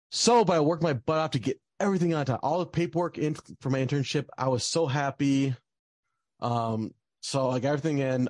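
A young man tells a personal story in a casual, rambling way, full of fillers, occasionally getting heated and swearing out of frustration. His voice is mid-range and a little mellow, with no echo.

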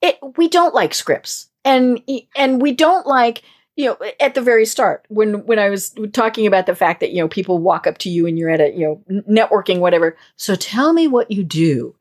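A woman from the mountains of Colorado hosting a casual conversation, chatty and quick to murmur agreement. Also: medium pitch. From Colorado mountains, USA. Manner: animated, frequent affirming murmurs.

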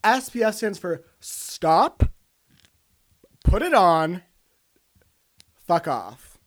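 A man's voice: high voice, sing-song, drawn-out words, heavily acted. A man playing a scatterbrained, self-absorbed female movie star in an improvised comedy bit. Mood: airy, self-important. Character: ditzy vain female movie star, middle-aged. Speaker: guest in character.

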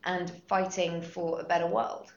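A woman's voice: fairly low pitch, level tone, measured pace, gravelly, slight background noise. A woman voice actress in a podcast interview, talking enthusiastically and repeating her words. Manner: enthusiastic, effusive, repeats herself. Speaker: guest voice actress. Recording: echoey room, dull lo-fi sound.

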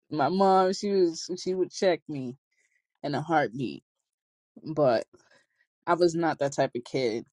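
A woman's voice: low voice, slow pace, pauses often, darkish tone, no echo. A young adult woman vlogging, telling casual stories in a chatty, slangy way and laughing often. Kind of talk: casual storytelling to camera.

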